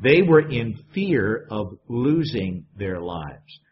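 Lively, chatty male preacher on a muffled recording. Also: lowish voice, slow, slight background noise. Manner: conversational, asks the congregation questions. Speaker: pastor. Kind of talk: sermon. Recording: dull lo-fi sound.

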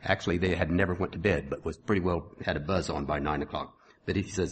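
A man's voice: sits low, a little fast, breathy edge. Folksy man preaching a sermon. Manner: folksy asides between scripture readings, rising loud when reading.

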